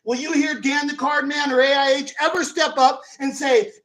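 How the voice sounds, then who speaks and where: High-pitched guy ranting and cursing at critics, yelling in bursts, card channel host. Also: steady tone, moderate pace, rough recording. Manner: angry, profane, shouting in bursts. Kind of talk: profane ranting commentary.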